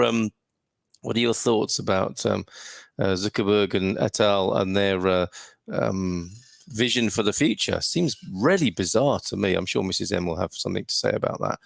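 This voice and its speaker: Gravelly-voiced British man hosting a livestream. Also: medium pitch, dry recording. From United Kingdom. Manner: chatty, hesitant with many ums, greets viewers warmly. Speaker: livestream host. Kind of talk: casual livestream chat reading viewer comments. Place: home studio.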